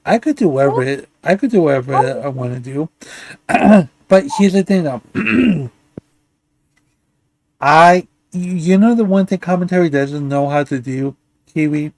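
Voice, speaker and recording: A man's voice: fairly high pitch, animated, unhurried, darkish tone, no room sound. A man hosting a live commentary stream, ranting in a profane, insulting way and stumbling over restarts. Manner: angry, insulting, stammers and restarts. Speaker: livestream commentary host.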